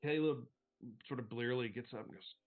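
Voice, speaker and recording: A male game master sets scenes and calls on players in an easy, halting way, full of fillers. His mid-pitched voice comes through a thin, phone-like video-call signal. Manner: relaxed, halting narration with fillers. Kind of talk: narrating a tabletop game. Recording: tinny call audio.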